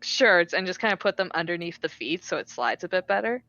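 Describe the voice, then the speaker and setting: A woman's voice: lowish voice, animated, brisk, bright, forceful tone, dry recording, muffled recording, soft background music. A woman playing a tabletop game, thinking aloud, often giggling and swearing casually. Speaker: player. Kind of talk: casual tabletop game play over voice chat.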